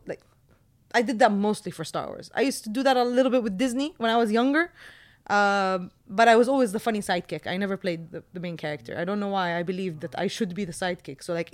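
A woman in her thirties from Jordan, chatting casually and telling animated stories with quick asides. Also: medium pitch. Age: 30s. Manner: animated storyteller, quick asides, laughs often. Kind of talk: casual chat.

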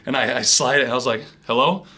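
A man's voice: medium pitch, fast, background noise. A young man from Wisconsin, a pro baseball player, telling stories in a casual interview and acting out other people's voices. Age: 20s. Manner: animated storyteller, acts out others' voices. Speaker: pro baseball pitcher, guest.

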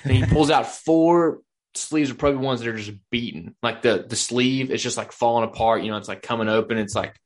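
A man's voice: mid-range voice, brisk. A man telling a long, rambling story in casual podcast chat, acting out what people said. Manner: rambling storyteller, acts out quotes.

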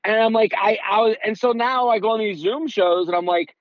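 Man, high voice, rambling anecdotes, casual chat, dry dull sound. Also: fairly quick, dry recording. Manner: animated storyteller, rambling with many "like"s. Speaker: guest comedian.

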